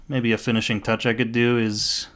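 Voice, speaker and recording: A man talking through a software drawing tutorial in a casual, rambling way, breaking off into jokey asides. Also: medium pitch, level tone, moderate pace. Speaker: tutorial maker.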